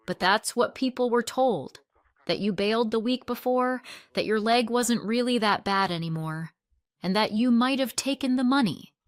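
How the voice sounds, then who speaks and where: A woman's voice: on the high side, moderate pace, dry recording, voice pushed up, close to an everyday voice. A woman voicing a kind, worried fellow school mom who sounds hesitant and sympathetic. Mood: hesitant sympathy.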